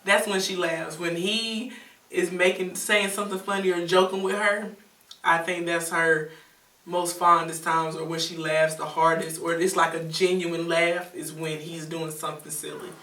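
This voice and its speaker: A woman chatting casually on a panel, animated and joking as she talks about family. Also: on the low side, moderate pace. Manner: animated, joking, laughs often. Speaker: co-host. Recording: echoey room, mic at a distance.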